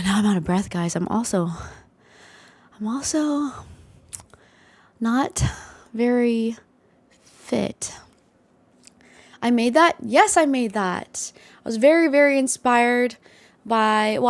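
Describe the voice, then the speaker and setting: A young woman hosting a casual live stream from her desktop setup, bubbly and full of hype. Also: no room sound. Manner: bubbly, hype, high-energy. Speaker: livestream host.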